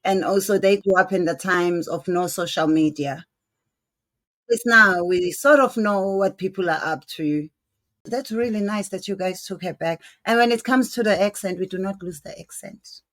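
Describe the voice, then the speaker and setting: A woman interviewing a guest in a relaxed chat, asking questions and responding encouragingly. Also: mid-range voice, normal speed.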